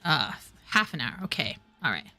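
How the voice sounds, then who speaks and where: A woman's voice: sits low, very animated, moderate pace, bright, forceful tone, soft background music. A woman chatting casually as she streams a game. She repeats and restarts her words and sometimes reads the game's dialogue aloud. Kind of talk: casual gameplay commentary.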